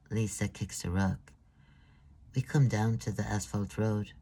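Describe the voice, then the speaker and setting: A man narrating a novel in the first person, slow and hesitant, with some restarted phrases. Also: fairly low pitch, fairly even intonation, creaky, warm tone. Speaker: audiobook narrator. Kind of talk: scripted narration.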